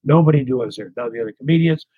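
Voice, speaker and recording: A man's voice: medium pitch, rapid-fire, husky, dry recording, phone-quality sound. A middle-aged man from the United States, a comedian telling candid stories as an interview guest, rambling and self-deprecating. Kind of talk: candid anecdotal storytelling.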